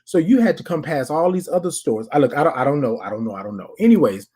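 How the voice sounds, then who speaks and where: A podcast host spins a story in a casual, animated way and keeps calling out to the listeners. The voice is husky, and the pitch swings up and down. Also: fast talker. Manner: animated, repeats phrases, addresses listeners directly.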